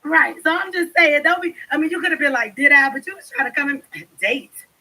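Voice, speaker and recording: Here a young woman vlogger talks to her viewers in a sharp, fairly quick voice that sits high. Her casual chat to camera is blunt, full of laughter and frequent swearing. Audio quality is poor.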